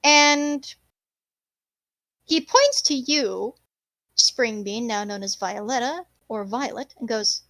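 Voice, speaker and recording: Woman gm narrating a tabletop game, high voice, super dry sound, playful. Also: expressive, slow, pauses often, fairly bright tone, no room sound. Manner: descriptive, playful. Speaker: game master.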